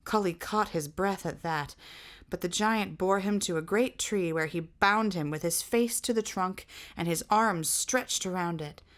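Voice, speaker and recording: A woman reads a fantasy novel aloud, narrating in a measured, expressive manner. Her delivery is that of a storybook reader taking her time over each passage. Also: fairly low pitch.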